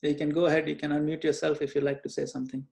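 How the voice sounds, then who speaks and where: A man leads an online group Q&A over a video call in a fairly high voice. He explains things gently and earnestly, pausing often with small hesitations as he searches for words. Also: level tone, gravelly. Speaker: Q&A session leader.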